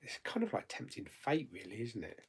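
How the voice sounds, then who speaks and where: A husky, lowish male voice with wildly swooping pitch moves briskly through a live chat stream. The host reads viewer comments and questions aloud, answering them casually with frequent laughter.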